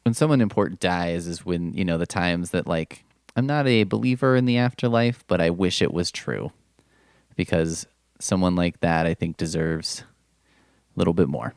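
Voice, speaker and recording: A man's voice: deep voice, normal speed, clean tone, no room sound, studio quality. A man hosting a podcast, chatting casually about an old comic book, rambling with plenty of swearing and asides. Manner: rambling, profane, full of asides. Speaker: podcast host.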